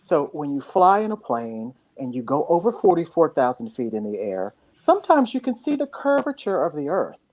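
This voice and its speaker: A woman's voice: deep voice, sing-song, normal speed, few pauses, a little mellow. A woman in a casual group discussion, talking emphatically and acting out both sides of arguments. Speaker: panel guest.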